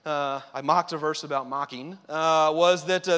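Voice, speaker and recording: A man's voice: fairly high pitch, steady tone, moderate pace, a bit bright, smooth, in a large hall. A man preaching a sermon as pastor, conversational and emphatic, with repeated phrases.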